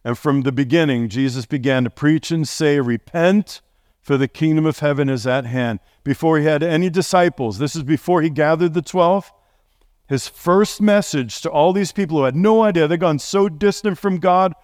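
Middle-aged pastor guy preaching, kinda high voice, dry close sound, chatty with lots of questions. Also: normal speed, no room sound. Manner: conversational, animated preaching with rhetorical questions. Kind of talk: sermon. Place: church sanctuary.

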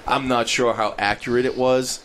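Rambling, animated man with faint hiss. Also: moderate pace. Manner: animated, rambling, voice jumps high when indignant. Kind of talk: casual chat. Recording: faint background noise.

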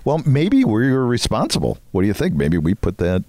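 A man's voice: mid-range voice, huge pitch swings, a little fast, warm tone, a little hiss or hum. A man co-hosting a podcast, telling a story in a rambling, joking way with frequent chuckles. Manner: rambling storyteller, chuckles often, self-mocking. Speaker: podcast co-host. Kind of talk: casual chat.

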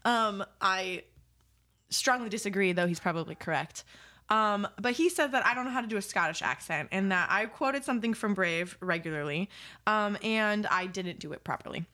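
A woman's voice: mid-range voice, expressive, normal speed, sharp tone. A woman from California co-hosting a podcast in casual, giggly, self-deprecating chat. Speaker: podcast co-host.

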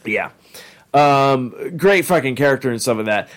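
A man's voice: mid-range voice, lively intonation, moderate pace. A man co-hosting a casual podcast, rambling and enthusiastic with plenty of swearing. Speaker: podcast co-host. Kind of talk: casual chat.

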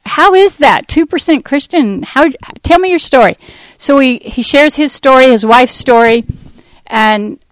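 Woman from the States, testimony talk, acts out dialogue, higher voice, dry sound. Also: measured pace, dry recording, low-quality recording. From United States. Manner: animated storyteller acting out dialogue. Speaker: ministry founder giving testimony.

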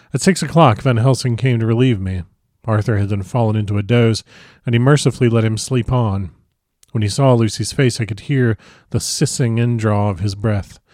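Male audiobook narrator, measured, expressive, lowish pitch, dry close mic. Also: no room sound. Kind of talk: audiobook narration of a classic novel.

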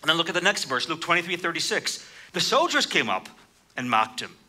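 Man, sermon, bright sharp tone, lively pitch. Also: fairly quick. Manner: animated, raises pitch for quoted speakers. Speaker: preacher.

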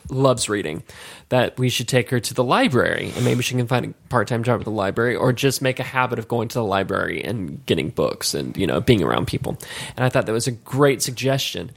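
A man's voice: medium pitch, animated, fairly quick, gravelly, slightly rough. A man co-hosting a casual podcast chat, rambling with many restarts and laughing easily. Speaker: podcast co-host.

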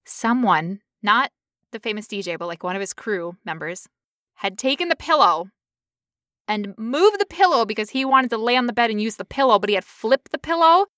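A young woman telling a long story in casual chat, animated and acting out quotes in high voices. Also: normal speed, dry recording, studio quality.

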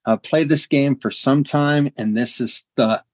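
Relaxed, dry-sounding game master man. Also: medium pitch, measured pace, no echo. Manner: relaxed, hesitant with many fillers. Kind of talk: casual chat introducing a tabletop game. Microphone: video call.

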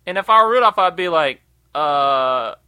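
A man in casual, profane chat, telling animated stories and acting out quotes. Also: sits high, quick pace, dry recording. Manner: animated storyteller, swears often, acts out quotes.

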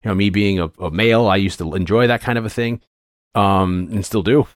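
Low-voiced man in his forties, rambling. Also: a little fast, dry recording, studio quality. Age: 40s. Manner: rambling, animated, many fillers and restarts. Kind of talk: casual film discussion.

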